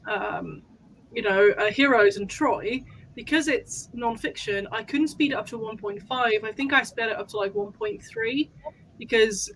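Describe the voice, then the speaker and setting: A woman's voice: on the high side, moderate pace, a bit bright, slight background noise, low-quality recording. A woman guest in a casual book club chat, talking thoughtfully in long rambling turns, with some casual swearing.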